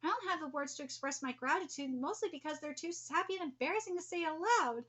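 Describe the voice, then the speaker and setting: A woman's voice: high-pitched, expressive, fast, bright, forceful tone. A woman reading as a blunt loving teenage girl. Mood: tender.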